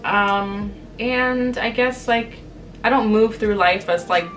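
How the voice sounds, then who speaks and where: A woman in her twenties talking to camera in a casual, candid way, storytelling and acting out quoted lines with lively energy. She sits a bit back from the microphone. Soft music plays faintly underneath. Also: mid-range voice, slow, distant mic. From Canada. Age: 20s. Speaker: vlogger.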